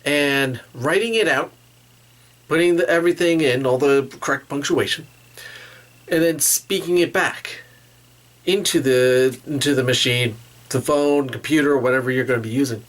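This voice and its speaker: A man hosting a solo podcast, talking through tips in a halting way and often restarting his phrases. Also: medium pitch, a bit bright. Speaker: podcast host. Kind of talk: casual solo talk with tips.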